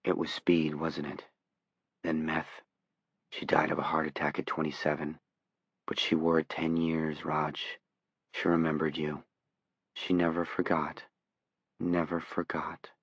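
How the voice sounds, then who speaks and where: Male reader as a haunted young man, hushed and low; dry, lo-fi audiobook sound. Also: level tone, a little fast, creaky, hardly any pauses, slightly rough, dry recording, heavily acted. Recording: dull, dry audiobook recording.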